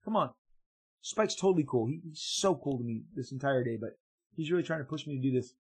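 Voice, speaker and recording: A man, a comic book artist, telling an anecdote to his viewers in an excitable way, stumbling and repeating words as he goes. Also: mid-range voice, fast talker, husky, poor audio. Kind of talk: casual storytelling to viewers.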